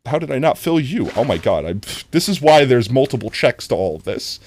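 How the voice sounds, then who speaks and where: A man's voice: medium pitch, sing-song, fairly quick, darkish tone. A young man livestreaming a farming game, chatting casually with his viewers, rambling and often cutting himself off mid-sentence. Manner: rambling, talks to chat, frequent self-interruptions. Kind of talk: casual stream chat while gaming.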